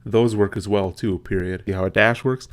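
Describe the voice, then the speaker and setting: Man, fairly low voice, casual tutorial host, step-by-step, slow deliberate dictation. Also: steady tone. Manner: casual, explains step by step, slows to dictate punctuation aloud. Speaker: tech video host. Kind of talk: screen tutorial with dictation demo.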